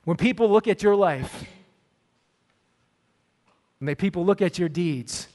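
A male pastor preaching a sermon and telling a personal story, earnest and often repeating words as he searches for them, then praying quietly. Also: high voice, expressive, measured pace.

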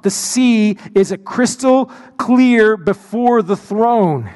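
A man's voice: high voice, takes it slowly, a little mellow. A man preaching a sermon as pastor, telling a story with frequent restarts and repeated words. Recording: long hall reverb.

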